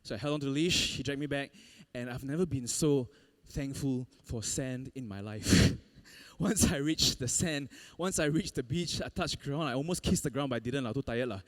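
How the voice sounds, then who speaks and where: A man preaching a sermon, telling a personal story in an animated way and laughing often. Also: medium pitch, normal speed. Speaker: pastor.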